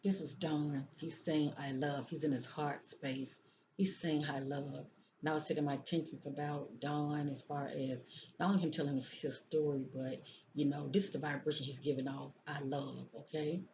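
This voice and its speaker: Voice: mid-range voice, fairly even intonation, moderate pace, warm tone. A psychic reader going through tarot cards in a casual talk, often repeating phrases and checking in with "okay?". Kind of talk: casual tarot card reading. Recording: dull lo-fi sound with faint noise.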